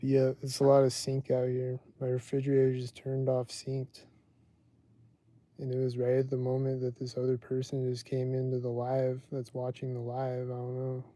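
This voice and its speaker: Man, livestream host, very dark voice, flat delivery, rambling casual talk. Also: mid-range voice, normal speed. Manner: rambling, heavy use of "like".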